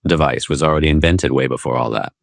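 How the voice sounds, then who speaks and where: A man's voice: very deep voice, fast talker, vocal fry, no echo. A man from the American South, a podcast guest, rambling with dry sarcastic humor in casual chat.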